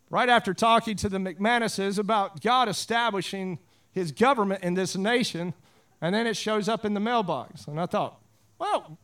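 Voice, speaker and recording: A pastor with a drawl, preaching in a high, smooth and resonant voice. He drifts from scripture reading into fervent prayer and easygoing storytelling. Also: a bit bright. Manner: casual storytelling with prayerful swells. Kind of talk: sermon.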